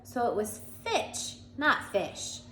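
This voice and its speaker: A woman's voice: fairly high pitch, sing-song, slow, bright, forceful tone. A woman reading a children's chapter book aloud with small slips and restarts, voicing the characters as she goes, a bit stuffy from allergies and coughing now and then. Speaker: reader. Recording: echoey room, faint background hum.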